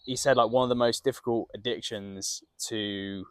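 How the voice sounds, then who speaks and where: A young podcast host with a mid-range voice speaks in a measured, reflective way. He thinks aloud and steers the talk with questions. The sound is close and dry, recorded outdoors in a garden. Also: mid-range voice, steady tone, clean tone, no room sound. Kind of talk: casual podcast conversation.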